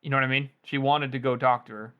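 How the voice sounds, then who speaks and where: A man's voice: mid-range voice, fairly even intonation, fast, clear, resonant tone, muffled recording. A man co-hosting a book podcast, talking casually with rambling asides. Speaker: podcast co-host.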